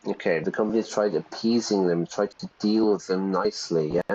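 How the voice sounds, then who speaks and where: A man's voice: low-pitched, steady tone, brisk, dark tone, muffled recording. A man hosting a game stream as an English teacher, explaining words with everyday examples and reading game lines aloud. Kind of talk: let's play commentary teaching vocabulary.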